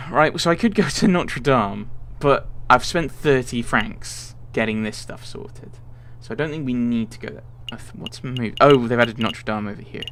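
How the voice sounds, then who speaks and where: A man's voice: medium pitch, a little slow, a bit bright, a little hiss or hum. A man hosting a let's play, thinking aloud casually with rambling asides. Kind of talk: casual gameplay commentary.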